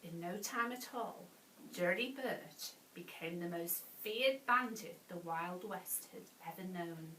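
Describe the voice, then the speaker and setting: A woman reading a bedtime story to children, animated, with gasps and playful asides. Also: lowish voice, slow pace, recorded from a distance, slight background noise. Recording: echoey room, voice off-mic.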